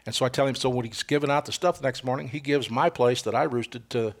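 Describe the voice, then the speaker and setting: Fast-talking gravelly hunter. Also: male voice, medium pitch. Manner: animated storyteller, acts out voices in quotes. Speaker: guest co-host, veteran turkey hunter. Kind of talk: casual storytelling chat.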